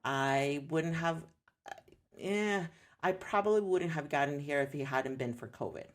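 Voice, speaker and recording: This is a woman in her thirties, her voice sitting low and her pace measured. A homeschooling mother and podcast guest, she tells her story openly with earnest reflection, becoming animated as she relays other people's words.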